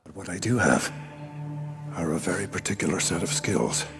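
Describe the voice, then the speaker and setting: A menacing film caller: very low, gravelly, slow measured threats, loud score behind. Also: male voice, animated. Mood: cold menace. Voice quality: deep gravelly voice. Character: menacing middle-aged man threatening on the phone. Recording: film clip with loud music.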